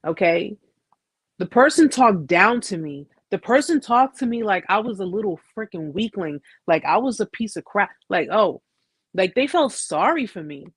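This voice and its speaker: A woman's voice: mid-range voice, slightly rough, dry recording. Woman, American, host, casual, blunt, slangy, repeats herself, dry close sound. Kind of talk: live chat storytelling.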